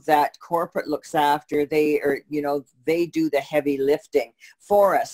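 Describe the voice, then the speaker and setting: A co-host answering questions in a casual chat, explaining steadily with frequent false starts and fillers. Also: medium pitch. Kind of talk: casual conversational Q&A.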